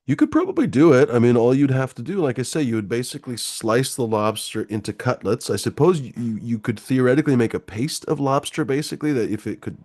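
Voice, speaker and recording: A man's voice: medium pitch, lively intonation, quick pace, hardly any pauses, a little mellow. A man hosting a casual late-night stream chat, rambling with many fillers and restarts. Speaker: livestream host.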